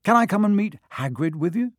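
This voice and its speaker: A man's voice: high voice, expressive, fairly quick, no echo, studio quality, pitched above the performer's own voice. A man voicing a freckled young schoolboy who mutters reassurances to his friend. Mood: reassuring.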